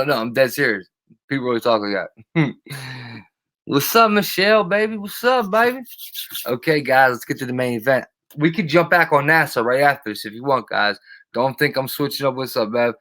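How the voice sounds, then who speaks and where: Talking a little fast in a somewhat bright, ordinary middle-pitched voice, a livestreaming man rants profanely and wanders between topics. He repeatedly stops to call out to chatters by name.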